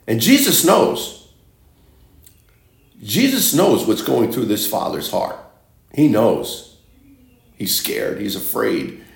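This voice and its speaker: A man's voice: medium pitch, darkish tone. A man preaching a sermon, reading scripture and repeating phrases for emphasis. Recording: echoey room.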